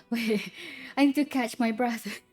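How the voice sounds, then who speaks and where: A woman's voice: fairly high pitch, slow pace, darkish tone, faint music behind. A woman streaming a game, chatting casually with frequent giggles and stammering restarts. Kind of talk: casual gameplay commentary.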